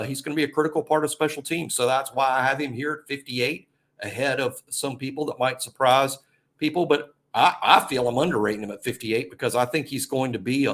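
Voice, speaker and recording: A man hosting a casual sports podcast, calmly going through football players and where they rank. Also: mid-range voice. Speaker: podcast host.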